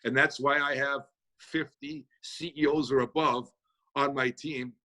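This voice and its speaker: A man answering audience questions in a motivational Q&A over a video call, talking fast in a folksy, energetic manner. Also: medium pitch. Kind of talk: motivational Q&A talk.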